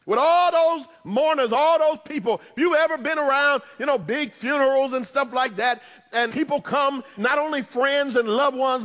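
Male pastor, sermon, high bright voice, animated with shouted emphasis; church reverb.

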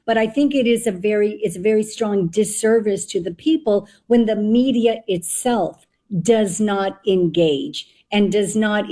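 Woman candidate, emphatic and argumentative, mellow warm tone. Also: medium pitch. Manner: emphatic, argumentative, mock-polite asides. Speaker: candidate for lieutenant governor. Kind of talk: political discussion.

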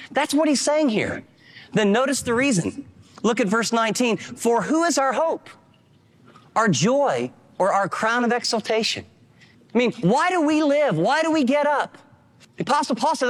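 High-voiced emphatic male preacher. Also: sing-song, normal speed, in a large hall. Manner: emphatic, acts out quotes with rising pitch. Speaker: pastor. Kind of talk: sermon.

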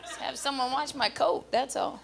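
A woman doing a stand-up comedy routine on a club stage with a handheld mic, brash and loud with punchy delivery. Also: sits high, steady tone, moderate pace, vocal fry, crowd noise, noisy background.

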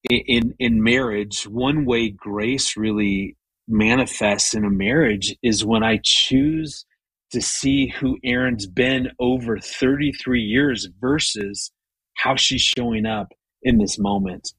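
A man's voice: mid-range voice, slow pace, a bit bright, slightly rough, no room sound, rough recording. A man in his fifties, a guest talking earnestly about marriage, restarting often as he tells a story. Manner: earnest, frequent stammered restarts. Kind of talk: conversational storytelling.

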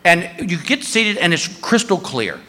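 A man doing a stand-up comedy routine, telling a story with lively shouts and voices. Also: high voice, unhurried. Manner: animated storytelling, many put-on shouts. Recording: live club with long reverb and faint noise.

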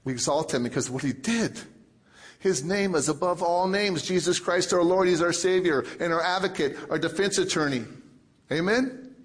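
A pastor delivers a sermon to his congregation in a voice pitched a little above most men's. He leans on repetition and swings from forceful declarations down to hushed, low phrases. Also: normal speed. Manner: emphatic preaching with repetition and big swings in volume.

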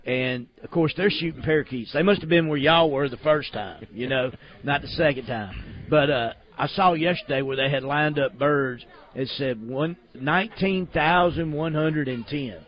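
Southern guy hosting a radio chat, folksy and joking, kinda high voice, dull lo-fi sound. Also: normal speed, few pauses. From Alabama. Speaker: show host. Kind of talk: casual chat. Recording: dull lo-fi audio.

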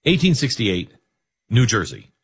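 Middle-aged male host, husky, swings his pitch around a lot, jokes as he tells a story. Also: unhurried. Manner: animated, jokey asides. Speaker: radio talk show host. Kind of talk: storytelling monologue.

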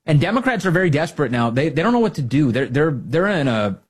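A man's voice: a little high, big pitch swings, fast, husky. A man giving emphatic, sarcastic political commentary, mocking the people he quotes.

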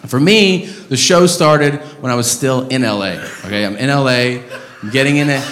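A stand-up comedian with a medium-pitched voice tells a heavily profane story at a moderate pace on a comedy club stage. His delivery is animated, and the echoey room carries crowd noise and audience laughter.

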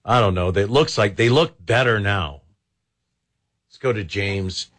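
A man's voice: lowish voice, measured pace, fairly bright tone. A man hosting a talk radio show, riffing aloud in a jokey, sarcastic way. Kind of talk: casual talk radio chat. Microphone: studio microphone.

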